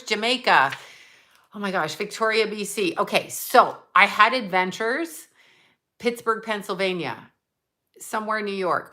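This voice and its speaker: A woman's voice: mid-range voice, sharp tone. A woman hosting a casual livestream from home, chatting in a bubbly way and reading out where her viewers are. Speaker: livestream host. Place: at home, just out of bed.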